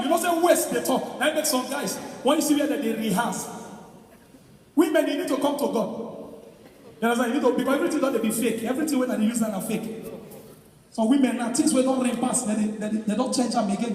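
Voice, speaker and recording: Loud Nigerian comedian in an echoey hall. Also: male voice, extremely high pitch, quick pace. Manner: loud, animated storytelling in Pidgin, shouting punchlines. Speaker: stand-up comedian. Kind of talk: live stand-up comedy. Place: large hall with live audience. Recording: echoey hall recording from far off, crowd noise.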